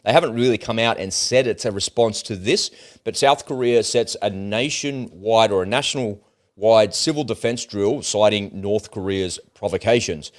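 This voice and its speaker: A man's voice: fairly low pitch, moderate pace. A man co-hosting a casual livestream, talking bluntly and animatedly, with frequent swearing. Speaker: co-host.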